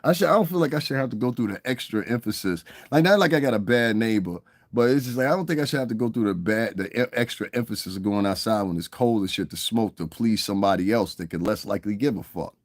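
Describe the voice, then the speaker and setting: A man's voice: lowish voice, expressive, fast talker, few pauses, no echo, studio quality. Blunt, profane man ranting casually. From United States. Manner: blunt, profane, repeats "you understand what I'm saying", chuckles often. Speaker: commentary vlogger. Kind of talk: casual monologue rant.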